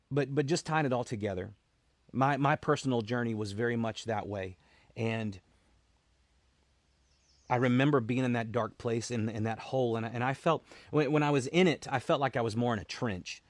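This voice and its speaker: Earnest veteran man, halting retelling. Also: mid-range voice, no echo. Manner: earnest, halting, often repeating words as he restarts. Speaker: military veteran, founder of a veterans' support group. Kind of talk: personal storytelling to camera.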